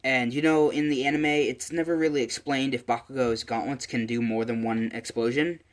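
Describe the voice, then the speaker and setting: A man's voice: mid-range voice, steady tone, moderate pace. A man casually narrating a fan story, rambling with lots of fillers and self-corrections. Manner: rambling, many fillers and restarts. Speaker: channel host.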